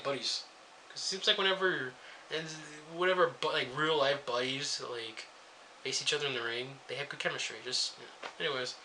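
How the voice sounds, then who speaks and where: A man's voice: mid-range voice, bright, forceful tone, a little hiss or hum. A young man reviewing a wrestling show in a casual rant, sarcastic and swearing freely as he jumps between topics.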